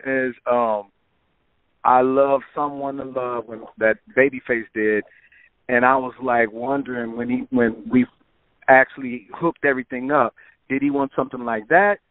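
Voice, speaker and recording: A man guest telling relaxed stories about making records, filling his talk with "man" and "you know". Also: medium pitch, normal speed, dry recording. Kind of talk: casual interview storytelling. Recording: phone-like narrow sound.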